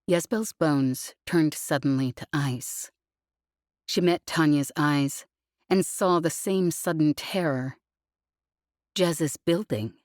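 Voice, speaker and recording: A woman narrates an audiobook in a measured, even way. Her voice is low and her pace slow. The recording is close and dry, with no room sound. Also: dry recording. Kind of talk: scripted narration.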